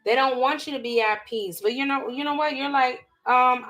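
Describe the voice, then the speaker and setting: A young woman giving a live tarot reading, animated and emphatic, full of slang, talking straight to her viewers. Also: sits high, normal speed, faint music behind. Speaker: tarot reader.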